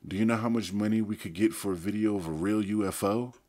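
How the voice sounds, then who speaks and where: A man voicing an excitable teenage boy who chatters eagerly. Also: sits low, moderate pace. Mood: excited.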